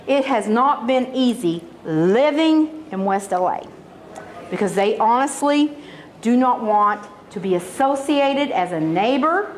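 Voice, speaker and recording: Brief: female stand-up comic, animated storyteller, swooping pitch. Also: a little slow, slight background noise, rough recording. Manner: animated, exaggerated voices for quotes. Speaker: stand-up comedian.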